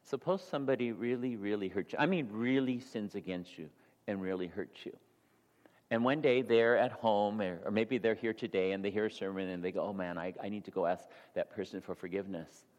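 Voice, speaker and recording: A male pastor delivering a sermon, ranging from hushed, near-whispered passages to loud, rising exhortation. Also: on the low side, a little fast. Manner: shifts from soft, near-whispered confession to loud, rising preaching. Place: church sanctuary. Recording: long hall reverb in a church.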